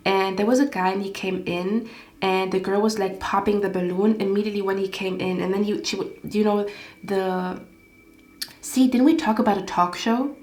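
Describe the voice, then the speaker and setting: A woman gives a casual tarot reading, rambling, getting heated, and swearing often. Her medium-pitched voice is steady and a little mellow at normal speed, recorded in an echoey room with faint background music.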